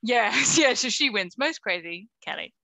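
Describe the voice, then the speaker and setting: Woman, podcast co-host, casual chat, bright sharp voice, laughs a lot, wry humor. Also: fairly high pitch, animated, normal speed, gravelly, no echo. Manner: laughs often, chatty and wry.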